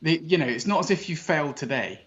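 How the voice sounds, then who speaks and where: A man's voice: on the high side, expressive, quick pace, fairly bright tone, muffled recording. A man hosting a casual chat, jovial and teasing, laughing often. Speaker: host.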